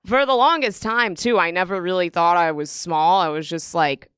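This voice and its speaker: A young woman comedian, guest on a casual podcast, telling stories with animated, acted-out quotes. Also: lowish voice, moderate pace, clean tone, no room sound, studio quality. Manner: animated storytelling, acts out quotes.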